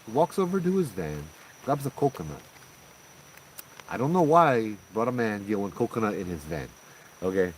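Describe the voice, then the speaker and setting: A man with a Hawaiian Pidgin-tinged accent tells a ghost story in a loose, animated, slangy way, full of "I'm like" asides. His voice sits on the lower side. A faint hiss of noise runs underneath. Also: normal speed, long pauses, poor audio. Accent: Hawaiian Pidgin-tinged English. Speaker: host telling ghost stories. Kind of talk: casual spoken storytelling.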